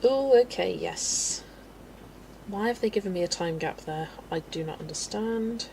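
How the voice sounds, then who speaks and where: A woman's voice: mid-range voice, unhurried, creaky, darkish tone, slight background noise. A young English woman hosting a colouring livestream, chatting casually and telling stories with frequent giggles. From England. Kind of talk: casual chat while colouring, reading chat.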